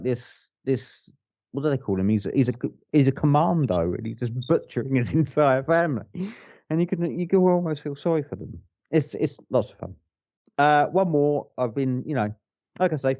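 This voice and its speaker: Mid-range in pitch, this man co-hosts a podcast where he chats eagerly about movies, rambling, cursing and starting sentences over. The audio is dull, with no room sound.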